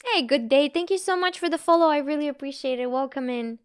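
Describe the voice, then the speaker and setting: Giggly high-voiced young woman streamer. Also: fast talker. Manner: giggly, chatty, reading and answering chat. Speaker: Twitch streamer. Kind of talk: casual live-stream chat.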